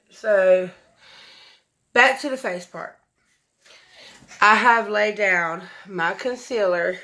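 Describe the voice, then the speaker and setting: A woman's voice: medium pitch, bright, forceful tone. Effusive woman chatting about makeup. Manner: chatty, effusive, says y'all a lot. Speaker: beauty vlogger. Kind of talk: casual makeup tutorial chat.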